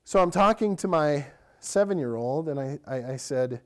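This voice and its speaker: A man's voice: fairly high pitch, normal speed. A man in his thirties, a pastor, giving a conversational sermon in a church, telling stories and asking the congregation direct questions. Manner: relaxed storytelling, asks the congregation direct questions.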